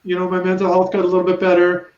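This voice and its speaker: A woman in her thirties gives personal testimony over a video call, halting and emotional and restarting her sentences often. The room sounds echoey and the audio is dull and muffled. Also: fairly low pitch, completely flat delivery. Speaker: panelist.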